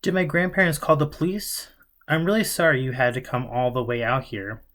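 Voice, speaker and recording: A man's voice: medium pitch, steady tone, fairly quick, a bit bright, close to an everyday voice. A man voicing a nervous, confused young man who stammers anxiously in an audiobook.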